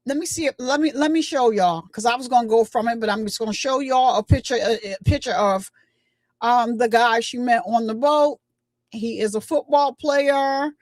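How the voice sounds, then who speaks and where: A woman's voice: sits high, no echo. A woman hosting her own channel, giving casual, emphatic commentary and retelling what people said. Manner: chatty, emphatic, retells quotes.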